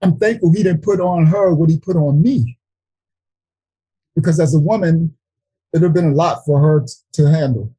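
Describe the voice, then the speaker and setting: A man's voice: fairly high pitch, dark tone, breathy edge, dry recording, low-quality recording. Emotional middle-aged man giving testimony. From New York City. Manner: earnest, halting, with frequent restarts. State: emotional, near tears. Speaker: Bible study teacher. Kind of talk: emotional personal testimony in a Bible study.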